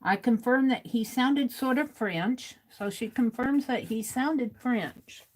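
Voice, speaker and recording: A woman's voice: a little high, slow. A woman hosting a livestream, reading viewers' comments aloud and chatting casually while she writes. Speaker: livestream host.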